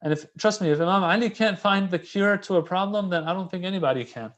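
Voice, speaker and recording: A man giving a casual, conversational religious lecture, animated and repeating key phrases for emphasis. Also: high-pitched, fast talker. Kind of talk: casual sermon explaining a classical text.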